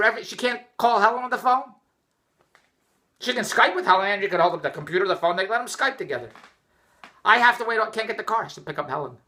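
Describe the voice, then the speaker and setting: Middle-aged male vlogger, rambling exasperated storyteller, fast delivery, bright edge. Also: extremely high pitch. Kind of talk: rambling personal vlog rant. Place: indoors, just came in from the rain.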